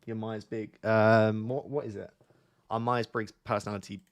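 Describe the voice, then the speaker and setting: A man's voice: on the low side, little pitch movement, normal speed, muffled recording. A young man hosting a livestream in casual chat, laid-back and joking, rambling with lots of fillers. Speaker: livestream host. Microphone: on a mic near the camera.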